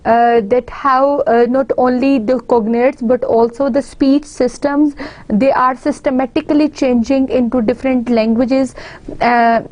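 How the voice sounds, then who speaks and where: Woman lecturer, Pakistani English accent, high voice, slow delivery, dry recording. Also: fairly even intonation, a little mellow, no echo. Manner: slow and explanatory, repeating example words. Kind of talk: university lecture.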